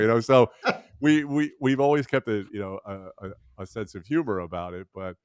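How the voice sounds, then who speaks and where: A smooth, mid-range voice comes from a man in his sixties who is a guest in a candid storytelling conversation, recorded at studio quality without room sound. He is animated but halting, restarting often and voicing the people he quotes.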